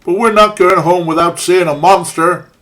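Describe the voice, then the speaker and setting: A man's voice: high voice, steady tone, normal speed, a bit bright, voice pushed up. A man voicing eager, cocky young monster hunters with a put-on American Midwest accent. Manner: boastful, chummy.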